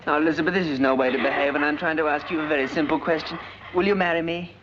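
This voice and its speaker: An actor playing an excitable young gentleman in 1930s film style. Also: fairly high pitch, very fast, highs cut off, lightly acted. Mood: amused. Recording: hissy 1930s film soundtrack.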